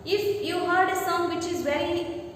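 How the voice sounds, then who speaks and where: A woman's voice: very high voice, fairly even intonation, normal speed, a little hiss or hum. A woman teaching a lesson. She reads a textbook passage aloud and explains it line by line, often asking "okay?". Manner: reads the text aloud, then explains it with frequent "okay?" and "means". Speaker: English teacher. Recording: very echoey room, voice far from the mic.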